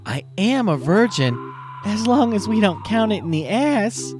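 A man voicing a crude, brash young woman in a shrill falsetto while telling a dirty joke. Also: very animated, measured pace, music in the background. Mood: brazen.

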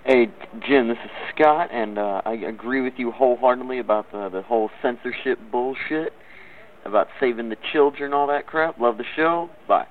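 A man's voice: mid-range voice, moderate pace. A man leaving a casual, enthusiastic voicemail for a podcast. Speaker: caller. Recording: tinny phone voicemail with hiss.

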